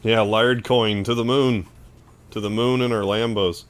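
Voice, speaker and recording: A man with a Canadian accent streaming a game, chatting casually and thanking viewers with excitable outbursts. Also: on the low side, unhurried. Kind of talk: casual gameplay commentary, thanking chat.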